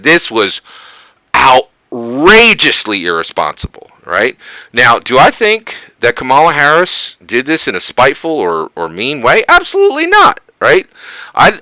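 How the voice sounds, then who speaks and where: An American man from Philadelphia giving casual political commentary, emphatic and animated, often tagging "right?" onto his points. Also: mid-range voice, no echo, rough recording. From Philadelphia, United States.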